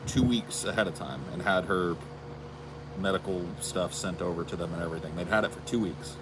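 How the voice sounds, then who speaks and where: A low-pitched American man spins a rambling, profane anecdote in casual podcast chat. His voice sits deep, and a clear background hum runs under the recording. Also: fairly quick. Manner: rambling anecdote-telling, crude asides. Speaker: podcast co-host.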